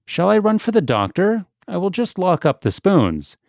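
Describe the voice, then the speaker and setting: A prim, proper lady cat in a children's storybook, speaking in a raised, lively voice, as a male narrator puts her on. She sounds genteel and disapproving. The recording is dry and close. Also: high voice, normal speed, gravelly, no room sound, voice pushed up, full character voice. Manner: genteel, disapproving, matter-of-fact.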